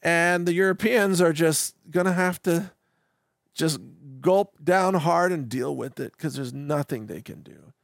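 Gravelly sarcastic male political commentator. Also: a little high, a little slow, no echo, clean studio sound. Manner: mocking, laughs often, rambling asides. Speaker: podcast host.

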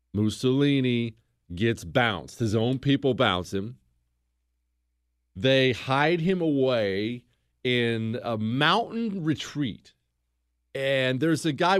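Guy chatting through history on his show, lively and loose, middle pitch, very dry sound. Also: no room sound. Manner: conversational, animated storytelling. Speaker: host. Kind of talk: casual history talk show.

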